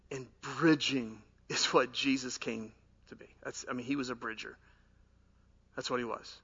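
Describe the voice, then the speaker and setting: Preacher, man, bright and forceful, shifting between lively storytelling and quiet earnestness. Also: on the high side, highs cut off. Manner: animated storytelling, drops to soft earnest tones. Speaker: pastor. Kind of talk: sermon.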